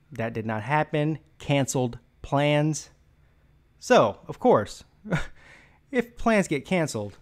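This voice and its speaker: A man hosting a casual sports live stream, out of breath, rambling and joking with many fillers. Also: medium pitch. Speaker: sports vlog host.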